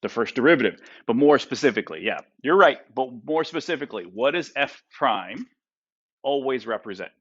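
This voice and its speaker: A man's voice: mid-range voice, lively intonation, a little fast, fairly bright tone, highs cut off. A man teaching a math class, who keeps asking his students questions and tags his points with "right?" and "okay?". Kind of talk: classroom lecture.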